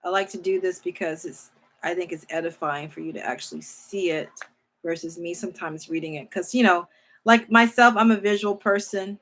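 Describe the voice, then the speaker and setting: A woman teaching scripture informally, reading verses slowly, thinking aloud, correcting herself and speaking with emotional emphasis. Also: lowish voice, fairly bright tone. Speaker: Bible teacher.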